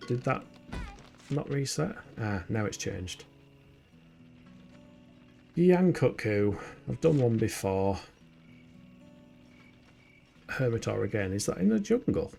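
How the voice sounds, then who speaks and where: His lowish voice is creaky and a little mellow as this young Yorkshire streamer plays a game. He's chatty and self-mocking, talking to viewers and muttering to himself in relaxed gameplay chat.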